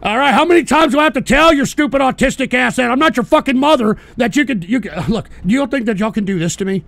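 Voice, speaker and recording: A middle-aged man hosting a live stream show, reading chat donations with a profane, irritable manner and bursts of shouting. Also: very high voice, expressive, quick pace, vocal fry, no room sound. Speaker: livestream show host.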